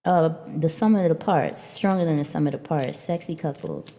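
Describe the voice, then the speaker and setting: A woman's voice: low voice, moderate pace, gravelly, mellow, big-room sound. A woman giving a casual spiritual oracle reading to her viewers, rambling and chatty and addressing them as y'all. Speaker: spiritual reader.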